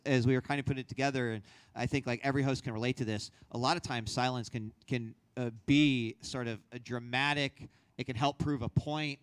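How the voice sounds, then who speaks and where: Male workshop host, clear resonant voice, dry close sound, casual instructional delivery. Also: medium pitch, no room sound. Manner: conversational, demonstrates reads with varied energy. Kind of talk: instructional talk.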